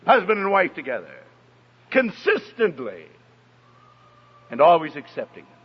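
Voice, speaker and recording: Animated, breathy male preacher. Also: a little high, measured pace. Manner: emphatic, storytelling, animated. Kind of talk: sermon on parenting. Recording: dull recording in echoey hall.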